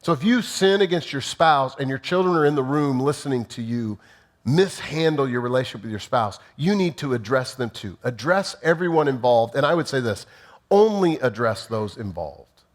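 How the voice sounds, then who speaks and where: A man's voice: mid-range voice, expressive, normal speed. A man preaching a sermon, teaching in numbered points and briefly acting out sample apologies. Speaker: pastor.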